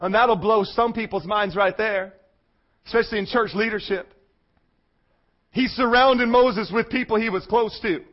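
A male pastor preaching a sermon, swinging from loud shouting to a hushed, intense murmur. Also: sits high, steady tone, moderate pace, lo-fi sound.

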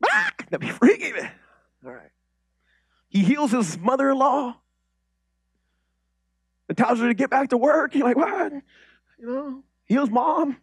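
Preaching pastor, male, high husky voice, dry close sound; conversational delivery with loud and hushed swings. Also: unhurried, long pauses, no room sound. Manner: animated, swings from loud declarations to quiet intimate asides; conversational, with frequent restarts and rhetorical questions. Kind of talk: sermon.

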